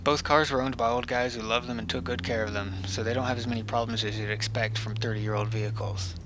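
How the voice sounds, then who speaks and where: A man narrating a scripted car comparison voice-over in a flat, self-described monotone with dry humor. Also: mid-range voice, quick pace, background noise. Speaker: car video host.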